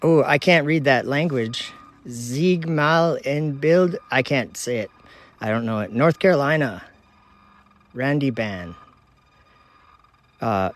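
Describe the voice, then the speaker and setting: A man from Minnesota hosting a casual live stream outdoors at night, chatting with viewers, reading their comments aloud and laughing easily, recorded on a phone. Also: mid-range voice. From United States (Minnesota). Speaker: livestream host.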